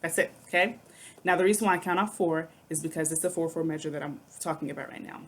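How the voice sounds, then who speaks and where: Low-voiced woman teaching music patiently. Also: quick pace, a bit bright. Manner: patient, explanatory, says "okay" often. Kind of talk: recorded classroom lesson.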